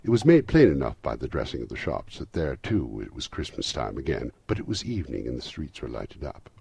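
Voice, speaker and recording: A man reads a classic novel aloud for an audiobook, with an expressive, shifting delivery. His voice is extremely deep and gravelly with a husky, rough texture. The sound is close and dry. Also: brisk, no room sound. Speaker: audiobook narrator. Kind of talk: scripted narration of a classic novel.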